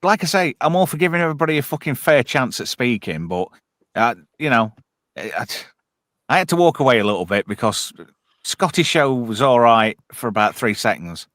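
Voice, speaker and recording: Male host, sweary ranter, lively intonation. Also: mid-range voice, fairly quick, no room sound, clean studio sound. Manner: blunt, sweary, ranting. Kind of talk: casual podcast chat.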